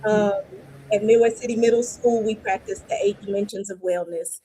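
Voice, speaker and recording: A woman's voice: mid-range voice, normal speed, dark tone, slight background noise. A woman who works as a school principal, speaking on a panel and explaining her ideas earnestly. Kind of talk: reflective panel talk.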